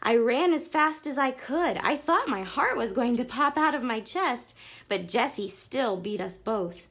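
A woman reads a children's chapter book aloud, her voice sitting a little high. She tells the story slowly and expressively, with a lively rise and fall in her pitch. It's a gentle read-aloud for young listeners. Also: slightly rough. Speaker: audiobook reader.

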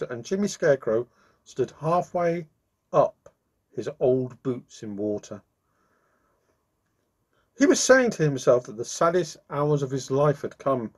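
Expressive man reading a story. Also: mid-range voice. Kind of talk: reading a children's story aloud.

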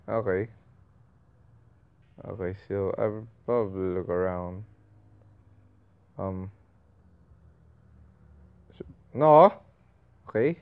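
A young man commentating a horror game, reacting loudly with swearing and laughter. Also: sits low, extremely slow, pauses often, highs cut off. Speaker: gaming channel host.

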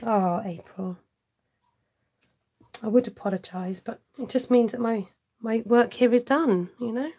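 Woman doing a live card craft stream, higher voice but mellow and a bit breathy, chatting with viewers while she works. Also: a little slow, long pauses. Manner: chatty, reads out viewer comments and answers them; talks aloud while working, with self-mocking asides. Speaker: cardmaking demonstrator hosting a live stream. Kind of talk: casual live craft demonstration.

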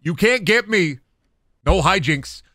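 A man streaming a horror game, talking to himself with profane jokes and sudden shouts. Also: expressive, slow pace, no echo. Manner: profane, jokey, talks to himself while playing; sudden high-pitched shouts and sing-song bits. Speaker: gaming streamer. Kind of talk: live-stream gameplay commentary.

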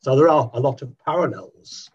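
A man in an online talk explains things in a measured way. His voice is husky, and his audio sounds dull and lo-fi. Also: medium pitch, expressive. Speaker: participant.

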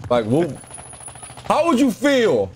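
A man's voice: high-pitched, huge pitch swings, takes it slowly, a little hiss or hum. A man streaming a shooter game, chatting casually with friends and stammering over his words when he hesitates. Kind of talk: casual gaming voice chat.

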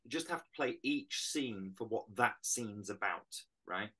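A middle-aged British man, an actor, talking through his craft in a casual interview, animated and reflective. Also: fairly low pitch, unhurried. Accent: British English. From Britain. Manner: animated, reflective, explains with images. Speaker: actor guest. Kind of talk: casual interview on a video call.

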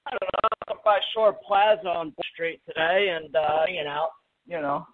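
A man prank-calling a talk show, taunting the host in a fairly high voice. He sounds thin and tinny, as if through a phone. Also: normal speed. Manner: mocking, taunting, laughing. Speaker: prank caller.

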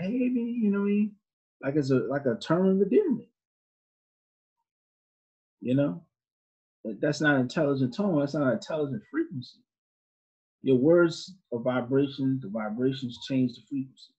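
A man's voice: mid-range voice, dark tone, husky. A man teaching an informal Sunday school class in a conversational way, asking his students questions, on a dull lo-fi recording.

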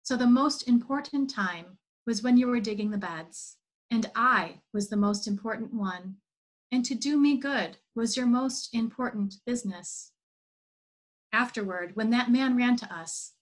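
A woman voicing a calm, patient wise teacher in a spoken parable, gently and without hurry. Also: on the high side.

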